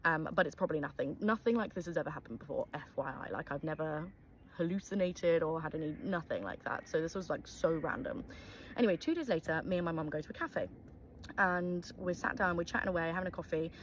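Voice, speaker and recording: A young woman tells a spooky true story in a loose, chatty storytime monologue, dropping "um" and "like" throughout. Her voice sits on the lower side. A faint hum runs underneath. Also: fast talker, low-quality recording. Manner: chatty, lots of fillers like "um" and "like".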